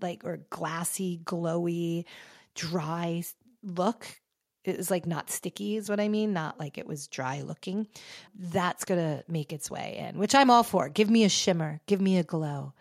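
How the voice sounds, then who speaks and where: Woman, podcast host, rambling chat, slightly low voice, dry close recording. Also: dry recording. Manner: chatty, rambling, animated asides. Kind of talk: casual chat.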